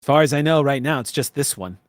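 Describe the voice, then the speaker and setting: A man's voice: mid-range voice, expressive, fast talker, no room sound, clean studio sound, close to an everyday voice. A man voicing a tough, blunt female camp boss who swears a lot. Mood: gruff.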